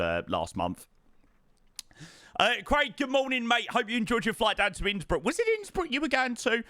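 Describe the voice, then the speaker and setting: A man's voice: mid-range voice, bright, forceful tone, dry recording, studio quality. Chatty man greeting his stream. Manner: chatty, greets viewers by name, repeats words. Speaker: flight sim streamer. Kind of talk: casual live-stream chat.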